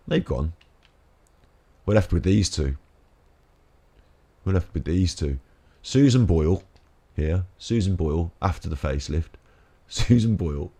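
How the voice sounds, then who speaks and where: A man's voice: low-pitched, animated, measured pace, pauses often, mellow. A British man giving chatty, rambling let's play commentary, joking and laughing as he plays. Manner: jokey, chatty, laughs often. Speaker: gaming channel host.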